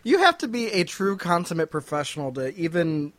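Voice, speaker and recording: A man's voice: sits high, big pitch swings, a little fast, a bit bright, no room sound. A man co-hosting a podcast, giving wry, laid-back commentary in casual chat. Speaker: podcast co-host.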